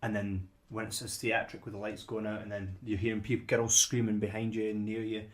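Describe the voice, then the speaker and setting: Podcast co-host, man, lowish voice, casual conversational delivery, restarts sentences. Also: flat delivery, fairly quick. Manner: conversational, repeats words when starting sentences. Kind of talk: casual chat.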